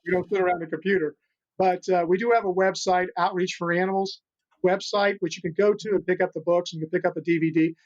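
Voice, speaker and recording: An older man, a guest who rescues animals, tells stories in an interview with a high-pitched, steady voice at a fast clip. He is earnest and rambling, restarting often, and the lo-fi audio sounds muffled and dull.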